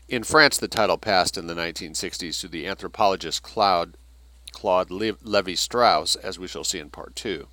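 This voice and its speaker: Man reading a book aloud, sharp tone. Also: deep voice, moderate pace, no room sound. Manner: reads passages then adds asides.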